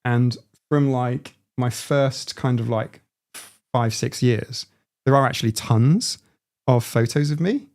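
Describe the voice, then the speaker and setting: A man in his forties hosts a casual live stream, replying to viewer comments as he goes. His voice has a gravelly fry and sits at a middling pitch. He talks in halting bursts, often restarting a sentence. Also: a little mellow. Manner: halting, frequent restarts and self-interruptions.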